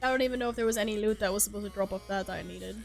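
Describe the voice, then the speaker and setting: A woman's voice: mid-range voice, rapid-fire, vocal fry, soft background music. A young woman streaming a game, chatting to her viewers in a playful, self-mocking way, laughing and swearing casually as she plays. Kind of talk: casual live-stream chat while gaming.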